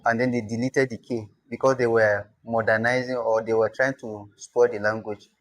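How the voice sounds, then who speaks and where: A man teaching a language class, explaining patiently and repeating words slowly. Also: mid-range voice, flat delivery. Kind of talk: classroom lesson.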